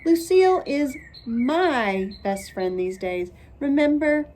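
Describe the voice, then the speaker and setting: A woman voicing a scheming, theatrical first-grade boy in a storybook reading, slow and a bit raised. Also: high-pitched, lively intonation, a little mellow, voice pushed up. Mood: dramatic.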